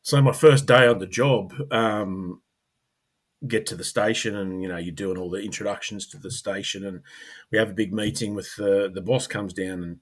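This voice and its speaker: A middle-aged Australian man, a former police officer, talking casually as a podcast guest, rambling with fillers and clearing his throat. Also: lowish voice, fairly even intonation, moderate pace. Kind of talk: casual conversational storytelling.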